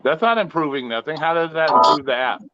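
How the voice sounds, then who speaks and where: Man, argumentative, repeats questions, slightly high, dry, muffled. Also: expressive, fast talker, dry recording. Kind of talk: casual debate.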